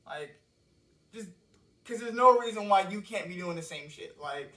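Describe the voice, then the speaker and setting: A man's voice: high voice, expressive, brisk, sharp tone. A man casually explaining his own song lyrics, rambling and cursing freely, recorded at home on a cheap microphone. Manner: loose, rambling, curses freely. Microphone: cheap microphone with laptop and phone. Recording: roomy echo, mic set far off.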